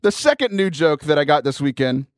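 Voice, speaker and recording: A man hosting a casual comedic radio show, energetic and rambling, laughing between jokes. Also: a little high, brisk, no room sound, studio quality. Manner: energetic, jokey, rambling with restarts. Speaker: podcast host. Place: radio studio.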